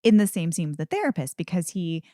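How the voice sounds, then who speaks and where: A woman co-hosting a casual film discussion podcast, animated and quick to act out scenes in playful voices. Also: lowish voice, dry recording, clean studio sound. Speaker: podcast co-host.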